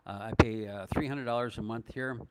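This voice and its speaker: A man's voice: medium pitch, fairly even intonation, fairly quick, background noise. An older man from northern Minnesota answering viewers' questions in a casual live stream, rambling and hesitant with many fillers and chuckles. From northern Minnesota, USA. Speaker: vlogger answering live chat.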